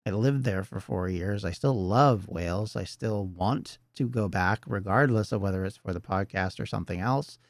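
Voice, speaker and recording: A man's voice: on the low side, moderate pace, few pauses, no room sound, clean studio sound. A middle-aged Canadian man hosting a podcast, talking earnestly in a rambling solo monologue full of restarts. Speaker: podcast host.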